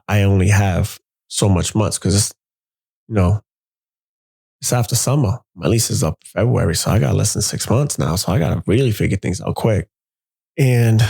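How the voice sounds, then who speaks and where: A man with a low, gravelly voice tells a personal story as a podcast host. His tone is dark and mellow, and his delivery is animated and salty, with others' lines acted out as he goes. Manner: animated, profane, acts out quotes.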